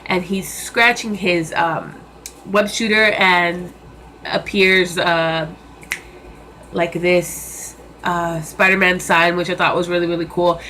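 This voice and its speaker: A young woman talks through a movie review in a relaxed home vlog, her voice sitting on the low side. She gushes with enthusiasm, circling back with fillers and doubled words. A faint hum of room ambience sits underneath. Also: takes it slowly. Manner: chatty and enthusiastic, many fillers and repeats. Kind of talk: casual vlog chat.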